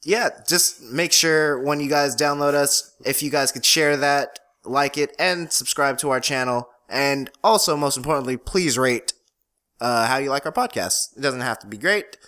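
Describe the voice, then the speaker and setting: A man's voice: medium pitch, normal speed, sharp tone. A man hosting a casual podcast, wrapping up loosely and jokingly while plugging his channels. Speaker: podcast host.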